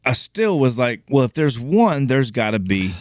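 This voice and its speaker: A man's voice: medium pitch, sing-song, normal speed, no room sound, clean studio sound. A man co-hosting a podcast, talkative and teasing, explaining things at length. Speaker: podcast co-host. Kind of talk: casual chat.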